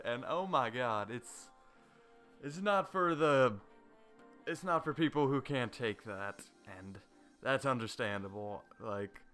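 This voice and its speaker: A young man giving a casual, rambling anime review, excitable and swearing a lot, full of fillers and restarts. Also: medium pitch.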